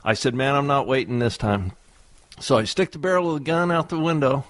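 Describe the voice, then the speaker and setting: A man co-hosting a radio show in casual chat, telling a story in a profane, animated way and laughing often. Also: medium pitch, brisk, no room sound. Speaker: radio co-host.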